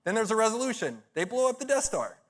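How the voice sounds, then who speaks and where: A man's voice: sits high, sing-song, fast. A middle-aged man giving a conference talk, telling stories in a punchy, blunt way with profane, self-mocking humor. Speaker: conference speaker.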